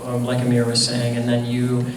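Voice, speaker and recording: A voice actor on a convention panel, talking in an animated, scattered way and swearing casually. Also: male voice, medium pitch, moderate pace. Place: large convention hall. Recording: roomy hall, distant mic, crowd.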